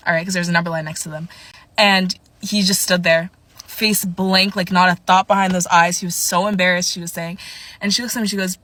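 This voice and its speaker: A young woman casually telling a story to camera in a chatty, animated way. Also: medium pitch, fast.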